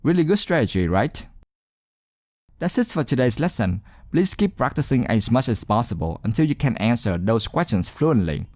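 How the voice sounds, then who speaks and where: A male teacher narrates a speaking lesson with an animated, rising and falling voice. He sounds encouraging and deliberate and leans on key words. His voice is close and dry, with no room around it. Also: mid-range voice, no echo. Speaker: English exam teacher. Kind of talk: scripted instructional narration.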